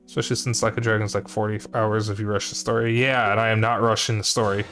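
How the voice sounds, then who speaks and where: A man's voice: on the low side, level tone, fast talker, fairly bright tone, soft background music. Offhand rambling male streamer. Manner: rambling, offhand, self-deprecating. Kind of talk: casual chat while streaming a game.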